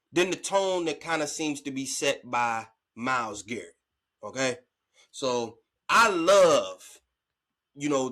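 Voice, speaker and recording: Man, sports podcast host, casual slangy commentary, bright forceful tone, fairly high voice. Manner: animated, conversational, slangy, acts out players' reactions.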